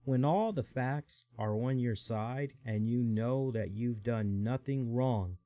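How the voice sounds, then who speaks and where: A man hosts a wrestling podcast in a mid-range, warm voice, speaking slowly with no echo. He talks loosely in casual chat, repeats his phrases, and reads a quote aloud.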